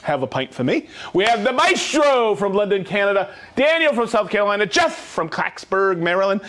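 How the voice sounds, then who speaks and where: High, lively male livestream host. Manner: upbeat, whooping, reels off names quickly. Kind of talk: live-stream shout-outs to viewers.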